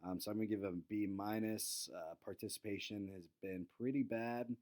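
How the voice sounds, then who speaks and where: A man's voice: lowish voice, fairly even intonation, normal speed, a little mellow. A young man hosting a casual fantasy football recap, laid-back, with lots of ums and fillers. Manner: laid-back, lots of ums, quotes friends in raised voices. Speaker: fantasy football league host.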